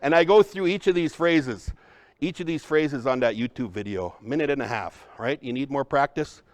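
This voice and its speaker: An energetic man leads a workshop, teasing and coaching his listeners as he goes. He speaks at a middle pitch. The sound is dry and close, with no room echo. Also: normal speed. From Upper Midwest, United States. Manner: energetic, joking, addresses the crowd as folks. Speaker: cultural trainer. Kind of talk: lively workshop presentation.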